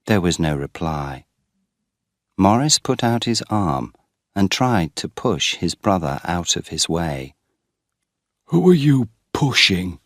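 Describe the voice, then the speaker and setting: A man reading a story in slow, clear, expressive scripted narration for English learners. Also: low voice, dry recording, studio quality. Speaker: story reader.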